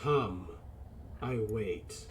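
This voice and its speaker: Man doing a deep booming mechanical god. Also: expressive. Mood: commanding. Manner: slow, deep and commanding. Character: giant booming mechanical divine voice.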